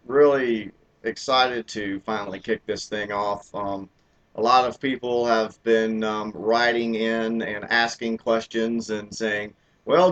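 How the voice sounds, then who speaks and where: A man's voice: medium pitch, a bit bright. A man hosting his own live stream, chatting casually and poking fun at himself, with lots of filler words. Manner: rambling and self-deprecating, many filler words. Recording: dull lo-fi live stream audio.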